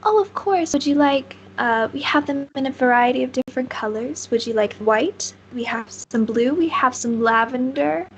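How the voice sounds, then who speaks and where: Lady putting on a sweet fluttery shopkeeper lady, high and chirpy, way up in pitch. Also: lively intonation, moderate pace, few pauses, muffled recording, a little hiss or hum. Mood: welcoming. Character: cheerful chirpy female flower shopkeeper.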